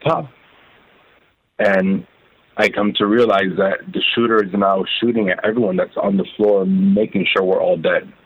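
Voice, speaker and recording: A man telling his own story as an interview guest, halting and repeating words as he recounts it. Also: deep voice, fairly even intonation, husky. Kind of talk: emotional first-person testimony. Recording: phone-like narrow band.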